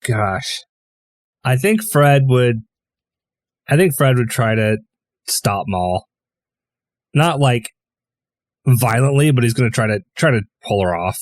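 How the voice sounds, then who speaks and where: A man's voice: medium pitch, expressive, slow pace, long pauses, no room sound. A man playing a tabletop game, hesitating and thinking aloud. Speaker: player. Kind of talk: casual tabletop play.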